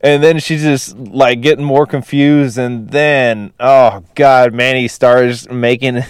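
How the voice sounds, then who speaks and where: Rambling man with a smooth, dry voice. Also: mid-range voice, slow, hardly any pauses, dry recording. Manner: rambling, many fillers like "you know" and "like"; laughs while retelling. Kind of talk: casual movie recap.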